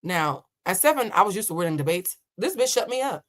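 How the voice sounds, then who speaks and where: A woman's voice: medium pitch, brisk. A woman in her thirties, an emotional intelligence coach, telling a story in a blunt, profane way and acting out the people in it. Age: 30s. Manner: animated, blunt and profane, acts out quoted voices. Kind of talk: storytelling reaction commentary.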